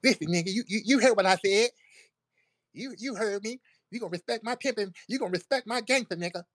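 A man's voice: sits high, quick pace, fairly bright tone, no room sound, studio quality, pitched above the performer's own voice. A man voicing a mocking impression of a frail young man with a lisp who acts tough and makes blustering threats. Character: mocked frail young man posing as a tough guy, lisping.

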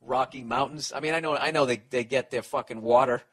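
A male comedian on his podcast, ranting profanely as he gives advice, with a voice of ordinary middle pitch. He rambles, restarts his sentences and jumps into quick mock voices for the people in his stories.

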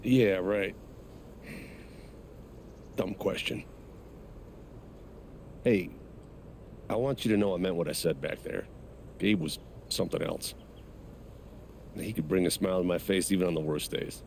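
Give me a kindly small-town sheriff from a story game. His voice sits very low and has a gravelly, rough edge. There's a faint hiss under the game audio. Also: unhurried, pauses often, darkish tone. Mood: gentle.

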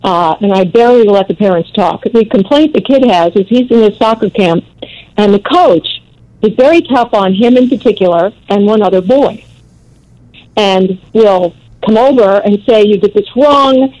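A blunt older woman speaks in a brisk, no-nonsense way during a radio interview. Her voice is mellow and warm in tone, sitting at a middle pitch. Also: rough recording. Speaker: radio advice show host, guest.

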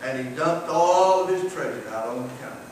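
A fervent revival preacher with a high-pitched voice, rising to emphatic peaks and then sinking to a hushed storytelling tone. He is heard from a distance in a very reverberant church, with noticeable background noise. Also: animated, brisk. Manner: fervent preaching that swells on key phrases; drops to a soft storytelling voice for an illustration. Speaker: guest preacher. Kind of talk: revival sermon. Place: church sanctuary. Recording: very echoey, distant, noisy room recording.

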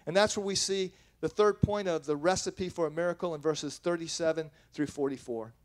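A man's voice: on the high side, fairly quick. A man preaching a sermon as pastor, earnest and plain-spoken, reading scripture and then explaining it, often restarting his sentences. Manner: earnest, with frequent restarts and self-corrections.

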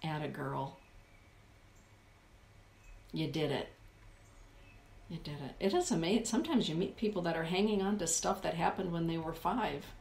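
A woman hosts a live spiritual stream, speaking in a somewhat low voice. She reflects aloud and addresses her viewers by name. The sound carries a roomy echo from the indoor space. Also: expressive, quick pace, creaky, few pauses, darkish tone. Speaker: host reading oracle cards for live chat viewers. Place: indoor room with a forest view.

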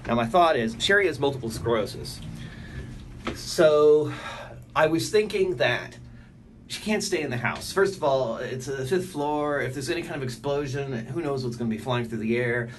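A man's voice: mid-range voice, animated, moderate pace, slight background noise. A man vlogging a casual first-person story at home, rambling and plain-spoken with many fillers. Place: his apartment and building, walking around.

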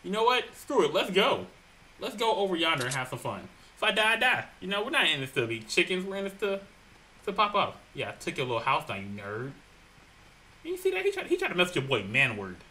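A man giving jokey, excitable commentary while playing a video game, swinging from low mutters to loud shouts. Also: brisk, a little hiss or hum. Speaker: gaming channel host. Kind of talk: Let's Play commentary.

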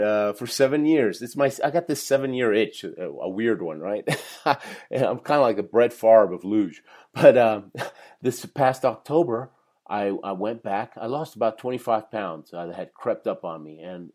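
A man's voice: fairly low pitch, darkish tone. A man in his fifties, a professional speaker, telling his life story in a podcast interview with energy and frequent laughter. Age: 50s.

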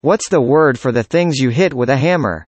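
Scripted practice dialogue, speaker, mid pitch, even question-and-answer reading, dry recording. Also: normal speed, no room sound. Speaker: dialogue reader.

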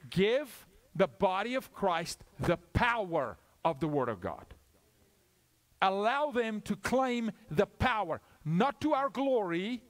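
A male guest preacher, giving a sermon that swings from loud, high peaks to hushed, low asides.

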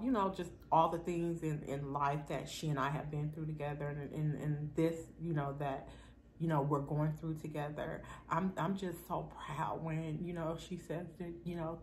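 A woman's voice: deep voice, a little hiss or hum. A woman, chatting bluntly and straightforwardly to her viewers while eating, a mukbang vlogger. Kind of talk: casual chat while eating.

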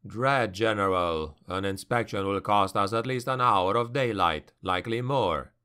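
A man's voice: lowish voice, a little slow, sharp tone, smooth. A man doing a terse, restrained elf warrior. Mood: stiff. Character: stiff, restrained dark elf highborn warrior.

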